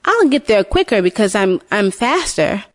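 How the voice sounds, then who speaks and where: A woman's voice: mid-range voice, sing-song, normal speed, dry recording, natural voice. A woman voicing a sly, chatty male wolf in a storybook tale.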